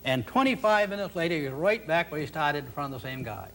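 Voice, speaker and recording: A man telling a tall tale in a relaxed, wry, folksy manner. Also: on the high side, fast talker, slight background noise. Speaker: storyteller. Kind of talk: folksy storytelling.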